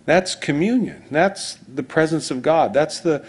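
A man's voice: fairly high pitch, expressive, measured pace. A man preaching as pastor, in a rambling conversational sermon full of asides and restarts.

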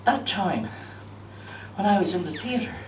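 A man, performing an expressive storytelling monologue on stage. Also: high-pitched, a little slow, noisy background. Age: 70s. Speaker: solo performer. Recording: distant echoey stage with music.

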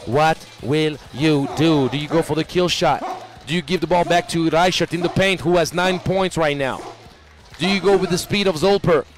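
A man giving live basketball play-by-play, excitable and rising to shouts on big plays. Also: a little high, brisk. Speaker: play-by-play commentator.

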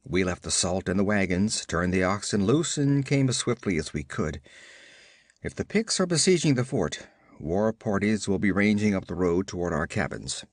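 Stern frontier settler leader, harsh and clipped, low-pitched, as a male narrator reads him. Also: expressive, moderate pace, no room sound, studio quality.

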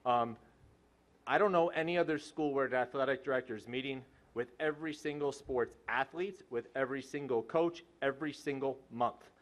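A man's voice: mid-range voice, normal speed. A man in his forties, a head track coach, giving a joking, self-deprecating and rambling hall of fame acceptance speech. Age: 40s.

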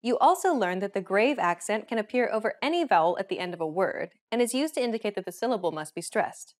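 A woman hosting a beginner language lesson, giving clear, steady scripted explanations. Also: medium pitch, quick pace.

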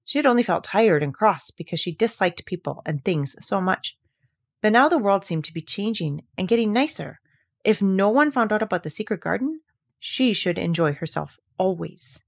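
A woman reading a classic novel aloud with expressive storytelling. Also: mid-range voice, moderate pace, creaky. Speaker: audiobook reader.

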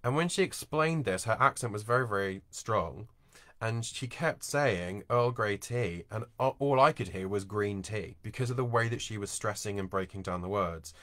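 A man teaches voice and work in a relaxed, conversational way. He walks through points with everyday examples. His voice sits fairly low yet sounds bright and forward, recorded dry and close over a video call. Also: normal speed, no room sound. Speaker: voice and accent coach. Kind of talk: informal online teaching talk.

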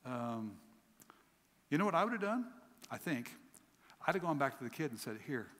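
A man preaching a sermon as a guest pastor, telling stories with lively acted voices and swinging from emphatic peaks to quiet lows. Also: moderate pace. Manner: animated storytelling, acts out voices in his stories; rising to emphatic peaks then dropping low. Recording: long hall reverb.

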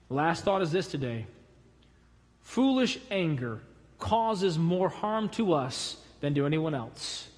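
A man's voice: on the high side, sing-song, measured pace. A man preaching a sermon as pastor, emphatic, with punchy repeated phrases that rise. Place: church sanctuary. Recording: long church reverb.

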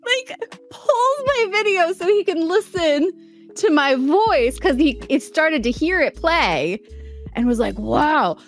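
A woman telling a casual, excited story to her viewers, bubbly and gushing, with quick jumps up in pitch when she gets excited. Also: soft background music. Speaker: streamer and vlogger.

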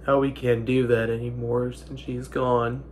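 Young guy choking back tears, stuffy nose, slow and flat, faint hum behind. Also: mid-range voice. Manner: halting, broken sentences, slow and grieving. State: stuffy-nosed. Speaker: vlogger. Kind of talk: emotional personal monologue.

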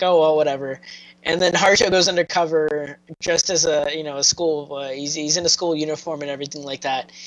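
A man's voice: on the high side, fairly bright tone, low-quality recording. A man co-hosting a casual review podcast, rambling through plot recaps with lots of fillers. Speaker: podcast co-host.

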